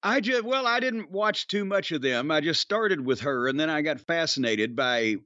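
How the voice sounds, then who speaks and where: A man co-hosting a podcast in profane, gruff, sarcastic casual chat. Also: on the high side, animated, moderate pace, bright, forceful tone, dry recording, dull audio. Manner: gruff, sarcastic, bursts into mock singing. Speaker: podcast co-host.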